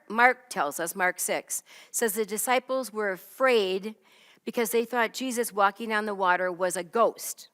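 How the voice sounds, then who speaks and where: A woman's voice: medium pitch, a bit bright, big-room sound. A woman teaching a Bible lesson in a conversational way, often checking in with "right?" and "okay?". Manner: chatty, keeps asking "right?" and "okay?".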